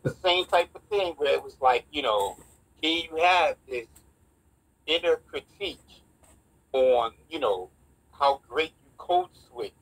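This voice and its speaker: A man, co-hosting a casual talk show, animated and speaking in quick bursts. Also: fairly high pitch, rough recording. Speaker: podcast co-host. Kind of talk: casual chat.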